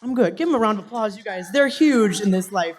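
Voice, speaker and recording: Young male stage performer, emotional thank-you to family in the audience, earnest, sometimes hushed. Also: high-pitched, lively intonation, fast, a little hiss or hum. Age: young adult. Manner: heartfelt, voice dropping to a whisper at times, laughing between phrases.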